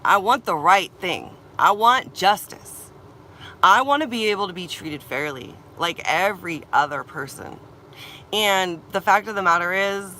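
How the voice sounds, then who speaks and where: A woman's voice: fairly low pitch, sharp tone, a little hiss or hum. A young woman venting in a vlog, upset and tearful, swearing and repeating herself. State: tearful and agitated. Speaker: vlogger. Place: camper van or campsite.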